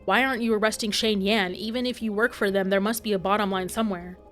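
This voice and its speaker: A woman's voice: medium pitch, steady tone, fast, close to an everyday voice. A woman reading the lines of a defiant young agent in a game, indignant and demanding, over faint game music. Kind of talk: reading game dialogue aloud.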